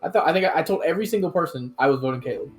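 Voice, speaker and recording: A man giving a casual contestant confessional, quick, animated and self-justifying as he recounts the game. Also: a little high, soft background music.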